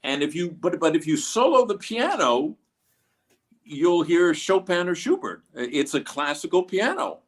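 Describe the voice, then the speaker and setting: A man's voice: a little high, big pitch swings, a little slow. A man being interviewed about his music, talking in a rambling way with many fillers and restarts. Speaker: guest musician. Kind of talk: casual interview.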